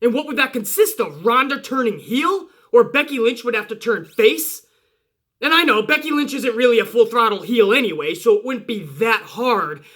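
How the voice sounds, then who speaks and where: A young man reviewing a wrestling show in casual, excited commentary, emphatic and full of swearing. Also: very high voice, moderate pace. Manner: profane, emphatic, hype-driven.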